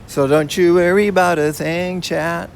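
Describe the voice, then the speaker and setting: Gravelly laid-back man streaming outdoors. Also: sits high, steady tone, a little slow, slight background noise. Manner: laid-back, chatty, says "man" and "you know" often. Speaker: IRL streamer. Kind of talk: casual live-stream chat, reading out and answering chat. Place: outdoors on city streets and at a mall. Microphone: portable streaming rig carried while walking.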